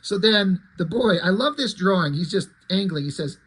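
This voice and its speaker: A man with a fairly high voice and a husky, slightly breathy tone talks about an old comic. His commentary is chatty and rambling, with casual swearing. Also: normal speed, few pauses, fairly bright tone, rough recording. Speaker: comic book reviewer.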